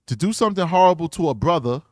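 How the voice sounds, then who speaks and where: A man's voice: on the high side, expressive, fast talker, dry recording, studio quality. A man hosting a true crime channel, commenting bluntly in slangy casual talk while reading posts aloud.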